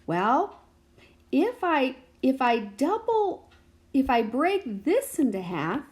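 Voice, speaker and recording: A woman's voice: a little high, very animated, takes it slowly. A woman teacher walking through a math practice lesson, patiently thinking aloud and checking in with her students. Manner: patient, checks in with "okay?" and "right?".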